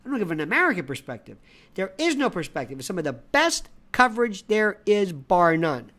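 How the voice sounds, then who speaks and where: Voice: mid-range voice, big pitch swings, fairly quick, fairly bright tone. An independent media analyst delivering an opinionated commentary, ranting and repeating phrases for emphasis, often acting out quoted conversations.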